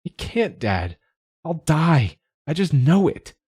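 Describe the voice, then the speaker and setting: A man's voice: on the high side, sing-song, a little slow, mellow, breathy edge, pitched above the performer's own voice, exaggerated voice. A man voicing a frightened teenage girl in an audiobook, pleading and tearful in a raised voice. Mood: scared, tearful. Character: frightened teenage girl about to leave home.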